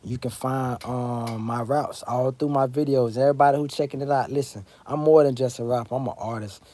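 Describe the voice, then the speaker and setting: Brisk and steady, his medium-pitched voice carries a dark tone. Hosting a casual livestream from South Florida, this man rambles, uses profanity, and talks straight to his chat, answering viewers as he goes.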